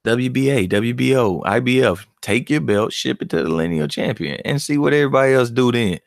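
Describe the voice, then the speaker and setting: Male vlogger, mid-range voice, dry close sound, loose animated banter full of cursing. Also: mid-range voice, a little fast, gravelly, dry recording. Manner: animated, profane, laughing banter. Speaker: boxing commentator and channel host. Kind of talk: casual vlog commentary.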